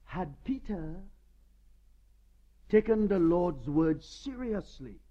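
A man's voice: a little high, big pitch swings, a little slow, pauses often, husky, lo-fi sound. A man preaching a sermon, telling stories dramatically and with emphasis.

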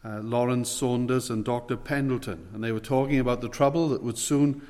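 A man preaching a sermon, earnest, stressing words slowly and asking rhetorical questions. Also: medium pitch, steady tone, a little mellow. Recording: long hall reverb.

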